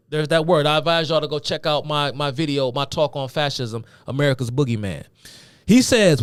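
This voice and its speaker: A man's voice: on the high side, normal speed, clean tone. A man giving lecture-style video commentary as a political commentator, emphatic and conversational with casual slang.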